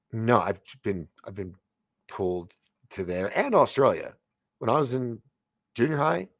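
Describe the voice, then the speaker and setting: A man in his forties with a low-pitched, gravelly voice, talking close and dry with no room sound around him. He chats loosely on a late-night live show, reading viewer comments aloud and tumbling over his own restarts as he gets excited. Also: dry recording. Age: 40s. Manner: rambling, excitable, stammering restarts. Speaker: livestream host.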